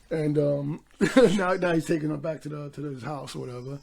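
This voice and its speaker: A man's voice: on the high side, fairly quick, vocal fry, darkish tone. A man hosting a movie podcast, casually retelling film scenes with frequent laughter and loose, profane talk. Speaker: podcast host. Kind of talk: casual chat.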